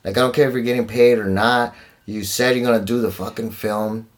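A man's voice: lowish voice, steady tone, brisk. A man, an actor, talking in a casual podcast chat, slangy and profane.

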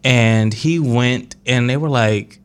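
A man's voice: mid-range voice, slow, smooth. A man chatting casually as a podcast guest, teasing and laughing often. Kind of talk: casual chat.

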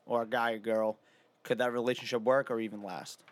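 A man asking questions in a loose podcast chat, often stumbling and restarting before he gets the words out. His pitch is ordinary and his tone easygoing. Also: fairly even intonation, a little fast.

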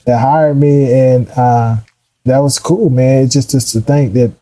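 A middle-aged man telling his career story in a casual, animated way, acting out the voices of people he quotes. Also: medium pitch, measured pace, rough recording. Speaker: guest.

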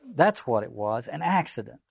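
A man reading aloud and voicing a shrill, anxious, excitable schoolboy who pleads defensively. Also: moderate pace, creaky, breathy edge, dry recording, clean studio sound, heavily acted.

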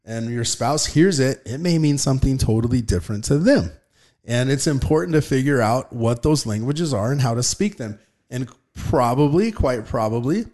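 Podcast host guy, chatty, tells stories, talks about a book casually. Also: medium pitch. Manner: chatty storyteller, animated when telling anecdotes.

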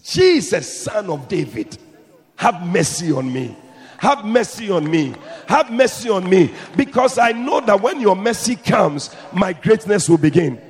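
A man preaching acts out a blind beggar loudly pleading for mercy, in a reverberant hall. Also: high-pitched, big pitch swings, measured pace, pitched above the performer's own voice. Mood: pleading shout. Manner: pleading, shouting.

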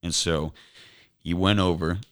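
A very low-voiced young man speaks as a podcast guest, slowly and earnestly recounting a personal ordeal. He halts and restarts his sentences as he goes. His tone is deep and grounded. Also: steady tone, clear, resonant tone. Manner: earnest, halting retelling with repeated restarts. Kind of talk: emotional personal storytelling.

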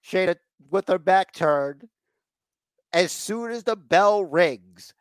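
This podcast co-host has a high, lively voice and speaks slowly, recorded cleanly with no echo. He recaps a wrestling show in casual chat, acting out the wrestlers' lines in mock voices.

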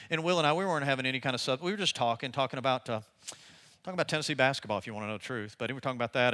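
An older man, a pastor, preaching a conversational sermon and telling animated stories with laughter. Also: mid-range voice.

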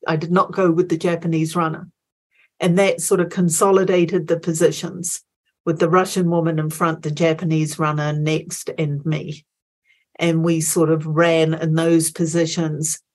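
A woman in her sixties with a New Zealand accent, a guest telling a story in a reflective, unhurried way. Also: low-pitched, darkish tone. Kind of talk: casual chat.

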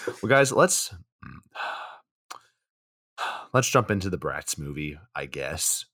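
A man's voice: rumbling low, sing-song, drawn-out words, bright, forceful tone, slight background noise. A young man co-hosting a casual comedy podcast, sardonic and profane, with mock exasperation as he recaps a movie. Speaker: podcast co-host.

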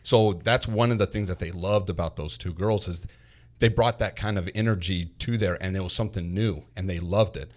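Man, lowish voice, lively anecdote-telling parent and coach, stumbles over repeated words. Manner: animated, repeats words, acts out quotes. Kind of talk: casual storytelling chat.

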